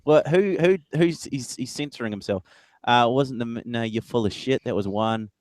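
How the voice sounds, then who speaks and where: A man chatting as a guest on a livestream, blunt and halting with stammered restarts. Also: mid-range voice, darkish tone, dry recording. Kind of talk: casual livestream chat.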